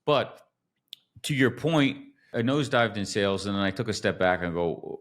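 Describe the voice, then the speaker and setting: A man hosting a business podcast, telling stories in an animated way and acting out quotes. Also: fairly low pitch, moderate pace. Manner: animated storyteller, acts out quotes. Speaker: podcast host. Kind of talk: casual storytelling chat.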